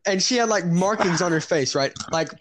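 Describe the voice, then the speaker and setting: A man's voice: sits high, a little fast, over a noisy crowd. A teenage young man in a casual chat with friends, rambling and hesitant, often laughing. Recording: faint background noise.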